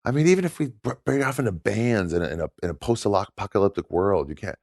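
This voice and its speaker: American man guesting as a comedian, very deep voice, animated storyteller who laughs a lot. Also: quick pace, gravelly, no echo, clean studio sound. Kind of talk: casual chat.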